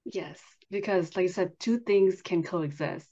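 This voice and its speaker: Podcast host, woman, low-ish voice, filler-heavy, muffled lo-fi sound. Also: dark tone. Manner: halting, filler-heavy questions. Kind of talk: conversational interview. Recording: dull, lo-fi sound.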